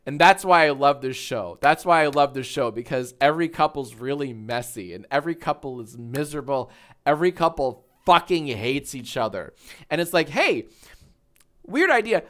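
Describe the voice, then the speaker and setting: A man's voice: medium pitch, a bit bright. A man in his thirties chatting casually on a livestream, telling a story with swearing and frequent laughter. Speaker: streamer.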